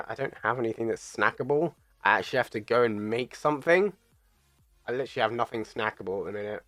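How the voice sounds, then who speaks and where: A man's voice: mid-range voice, quick pace, fairly bright tone, dry recording, soft background music. A man casting an esports tournament, chatting casually on a live stream between matches, chatty and giggly. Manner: chatty, giggly, plays with silly voices.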